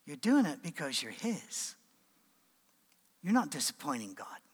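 A man's voice: fairly high pitch, big pitch swings, a little slow, slightly rough. A middle-aged man, preaching and telling a funny family story, acting out the voices. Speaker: pastor. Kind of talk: sermon with humorous storytelling. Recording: long hall reverb.

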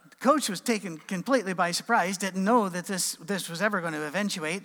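Middle-aged pastor, a comic storyteller who acts out voices; slightly high voice in a reverberant hall. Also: male voice, brisk. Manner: animated storyteller, acting out voices. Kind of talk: sermon with humorous storytelling.

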